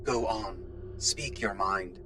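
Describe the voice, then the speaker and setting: A man reading a story aloud, voicing an ancient, mummy-like tyrant king with a hollow mechanical voice, cold and measured in how he speaks. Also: on the low side, background noise. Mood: cold, arrogant.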